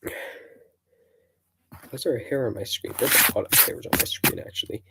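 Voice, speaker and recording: A man's voice: medium pitch, normal speed, heavy background noise. A man streaming casually, out of breath, reading game events aloud with rambling, jokey asides.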